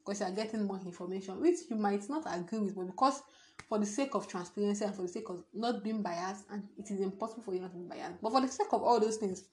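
A woman's voice: mid-range voice, quick pace. A young woman, hosting a casual solo podcast, rambling, giggling and restarting as she talks. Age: young adult. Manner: rambling and giggly, restarts often, hums and sings to herself. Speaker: podcast host.

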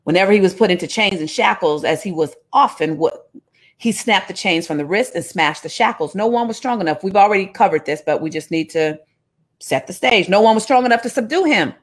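A woman preaches, reading scripture aloud and breaking off into casual, humorous retellings. Her voice sits at an average pitch. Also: fairly quick. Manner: animated storytelling, jokes and voices, casual asides. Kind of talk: sermon, reading scripture with commentary.

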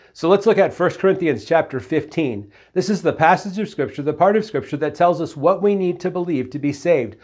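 A man's voice: on the high side, a little mellow. A man preaching a sermon as a pastor, earnest and direct, asking his listeners questions and slipping in folksy asides.

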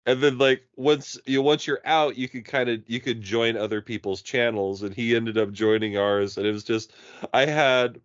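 A man telling a story on a podcast in casual chat, animated and swearing, acting out the people in his stories. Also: medium pitch, smooth, no room sound. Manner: animated, swearing, quick to play characters. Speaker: podcast co-host. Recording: dry, dull lo-fi audio.

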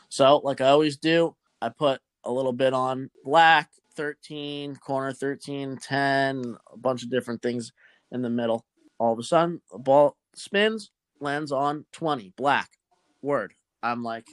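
A young man rambles through a story in loose, profane podcast chat. He sounds close and dry, with no room around him. His pitch sits at an ordinary middle for a man. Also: a little slow, no room sound. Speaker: podcast host.

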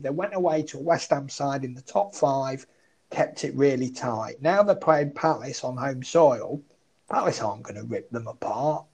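A man's voice: medium pitch, a little mellow, husky, low-quality recording. A man chatting about football betting odds, thinking aloud and poking fun at his own past tips. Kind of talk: casual betting podcast chat.

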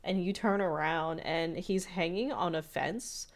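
A woman co-hosting a podcast, casually recapping an episode scene by scene with lots of "like"s. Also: fairly low pitch. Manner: retells scenes with many "like"s and quick character impressions. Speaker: podcast co-host.

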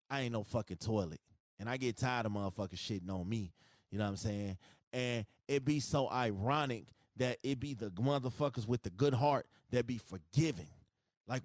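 A man's voice: lowish voice, darkish tone, dry recording, studio quality. A man hosting a solo podcast, ranting in a profane, emphatic, repetitive way with speech. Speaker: podcast host.

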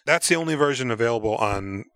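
A man's voice: mid-range voice, expressive, quick pace, a bit bright, no echo. A man in casual movie-podcast chat, retelling scenes and acting out the characters' lines in an offhand, profane way. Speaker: podcast co-host.

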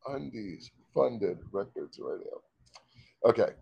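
A man's voice: on the low side, lively intonation, slow, creaky, highs cut off, a crowd in the background. A man chatting as a guest in a casual interview, stumbling over words and laughing at his own slips. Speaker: guest musician.

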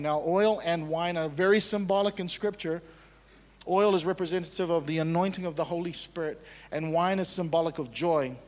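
A man's voice: fairly high pitch, in a large hall. A man preaching a sermon as pastor, casual and conversational, driving points home with repetition.

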